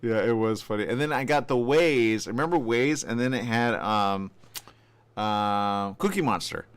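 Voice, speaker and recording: A man at the microphone hosting a morning radio show. He talks in a loose, chatty way and laughs easily. He reads listener posts aloud in an ordinary mid-pitched voice. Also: measured pace, clear, resonant tone. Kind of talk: casual radio talk.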